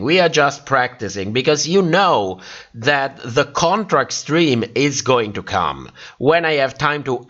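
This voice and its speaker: A tired man hosts a livestream, drifting through viewer comments at an unhurried pace. His pitch rises and falls a lot as he chats, and he breaks into laughter often. The sound is dull and lo-fi, like typical stream audio. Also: fairly bright tone. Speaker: livestream host. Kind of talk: casual chat reading live comments.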